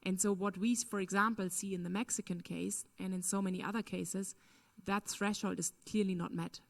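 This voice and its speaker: Speaking at normal speed with vocal fry, a woman answers a lecture Q&A question at a conference. Her mid-range voice keeps a fairly even intonation. Earnest and emphatic, she leans constantly on fillers like "um" and "you know."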